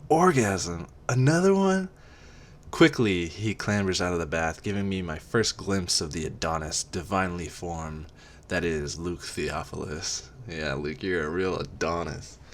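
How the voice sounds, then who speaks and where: A man's voice: low voice, fairly even intonation, normal speed, a bit bright, slight background noise. A man doing a comic reading of a romance parody, breaking off for mocking asides. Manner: mocking asides between read passages. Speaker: reader.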